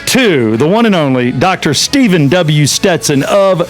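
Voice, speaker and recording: Joking male podcast host, slightly high voice. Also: very animated, measured pace, faint music behind. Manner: joking, playful introductions. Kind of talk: casual podcast chat.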